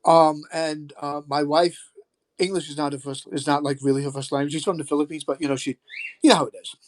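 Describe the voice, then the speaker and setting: An older man in his sixties, talking as a podcast guest in a slightly higher voice than most men. He rambles, pausing often with "uh" and "you know", in a relaxed, conversational way. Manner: rambling, with many hesitations. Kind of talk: casual chat.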